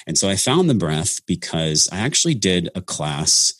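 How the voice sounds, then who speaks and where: A man's voice: deep voice, big pitch swings, moderate pace, fairly bright tone, no room sound, clean studio sound. A man talking earnestly about his path into breath work in a casual podcast conversation, with many restarts. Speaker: breathwork facilitator, podcast guest.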